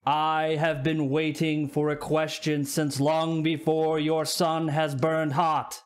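A man's voice: on the high side, level tone, clear, resonant tone. A man voicing an ancient stone guardian. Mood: solemn. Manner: slow, grand, formal pronouncements. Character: ancient solemn stone time guardian, male. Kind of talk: tabletop role-play voicing.

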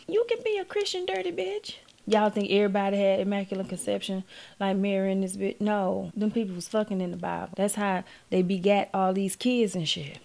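A woman's voice: a little high, gravelly, darkish tone. A woman talking to her phone camera at home, giving profane, blunt, rambling relationship advice in a casual comedic monologue.

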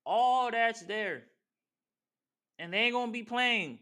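A podcast host rants in casual, slangy commentary, calling out the people he talks about. His voice sits high and sounds bright and crisp. He stays heated the whole way through. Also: slow. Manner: slangy, heated, talks straight to wrestlers and fans. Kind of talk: casual wrestling commentary rant.

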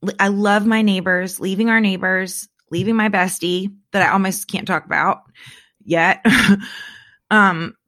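A woman hosting a podcast, telling stories in a rambling, animated way and acting out what people said. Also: medium pitch, unhurried. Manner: rambling, animated storyteller who acts out quotes. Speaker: podcast host. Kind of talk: casual chat.

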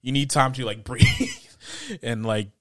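With a mid-range voice whose pitch swoops wildly, a male podcast co-host talks at a measured pace in a fairly bright tone. His casual chat rambles, packed with laughter and acted-out quotes, in clean studio sound with no room echo.

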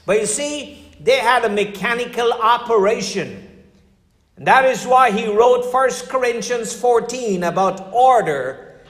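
Older pastor preaching in an echoey hall. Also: male voice, sits high, fairly bright tone. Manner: storytelling, conversational preaching with dramatic drops in voice. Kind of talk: sermon.

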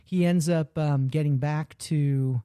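A man in casual chat, retelling a film scene and acting out its lines with lively energy. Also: fairly high pitch, slow, clear, resonant tone, no room sound, studio quality. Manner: animated storytelling, acts out quoted lines.

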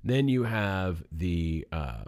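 A man with a very low voice talks casually with a co-host. He gets animated as he argues, his voice leaping up. The sound is dry and close. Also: slow, no echo. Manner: animated, jumps high in pitch when arguing. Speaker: movie podcast co-host. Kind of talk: casual chat.

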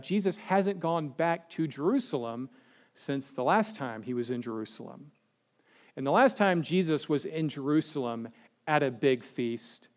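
Sarcastic preacher man, higher voice. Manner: dry sarcastic humor, animated emphasis. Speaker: pastor. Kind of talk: sermon.

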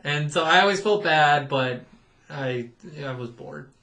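A man with a slightly high voice chats casually and laughs often as he tells stories. He acts out the voices of the people in his anecdotes with playful energy. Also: measured pace, bright, forceful tone, echoey room. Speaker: podcast co-host, former theme park cast member. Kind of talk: casual chat.

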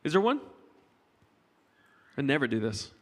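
With big pitch swings in a mid-range voice, a middle-aged pastor preaches at a measured pace. His sermon is conversational and full of jokes for the congregation, echoing with long church hall reverb.

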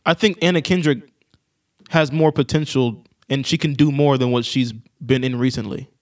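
A man's voice: medium pitch, steady tone, moderate pace. A man co-hosting a podcast, talking in a laid-back, slangy casual way. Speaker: podcast co-host. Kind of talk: casual chat.

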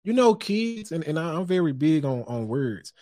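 A man's voice: a little high, big pitch swings, normal speed, dark tone. A man hosting a podcast, preaching casually in a loose monologue. He chuckles often and curses without fuss. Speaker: podcast host. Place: home studio.

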